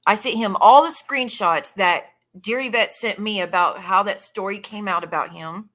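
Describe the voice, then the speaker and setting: A woman's voice: mid-range voice, moderate pace, fairly bright tone. A woman hosting a casual live stream, talking bluntly with plenty of swearing and thanking viewers in the chat as she scrolls through messages. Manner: blunt and profane, chatting with viewers while scrolling. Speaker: livestreamer.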